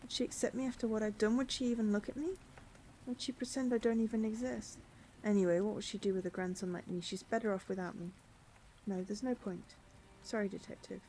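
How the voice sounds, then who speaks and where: A woman reading game dialogue aloud, voicing a guilty, hopeless young man who speaks in a shaky, halting, pleading way. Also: medium pitch, steady tone, warm tone, slight background noise, natural voice.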